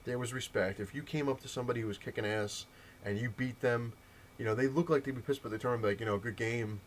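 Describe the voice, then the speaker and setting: This comic shop video host, a man in his thirties, speaks quickly in a mid-range voice, with slight background noise behind him. His casual rant wanders through a story as he imitates the gamers he's quoting.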